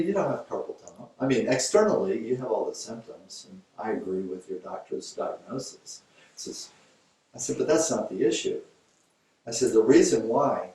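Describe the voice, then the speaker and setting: A man with a warm, mid-range voice gives a conversational lecture as a yoga teacher, telling a story and voicing both sides of a dialogue loudly. He's picked up by a distant mic in an echoey room with faint noise.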